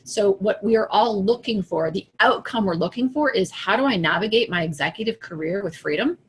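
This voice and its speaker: A middle-aged woman coach telling a lively personal story to an audience, acting out her own inner voice. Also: mid-range voice, brisk, slight background noise. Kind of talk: casual talk to an audience.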